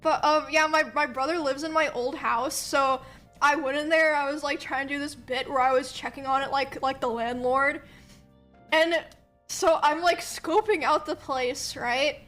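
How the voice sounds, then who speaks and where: High-voiced giggly woman streamer. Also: fairly even intonation, normal speed, a bit bright, soft background music. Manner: chatty, giggles through stories, says 'like' constantly. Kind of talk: casual storytelling to a live chat.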